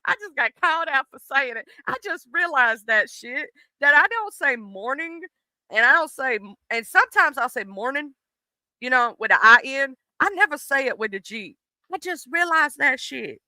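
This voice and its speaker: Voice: high-pitched, normal speed, no room sound, rough recording. A streamer in their late thirties, chatting casually and animatedly with a live audience, swearing freely. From southern United States. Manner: animated, profane, talks straight to the chat.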